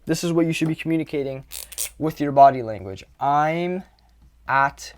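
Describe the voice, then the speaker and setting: A man's voice: fairly high pitch, lively intonation, fast, warm tone. Casual young man coaching to camera. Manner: loose and conversational, with frequent fillers and repetition; swears casually. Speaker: dating coach.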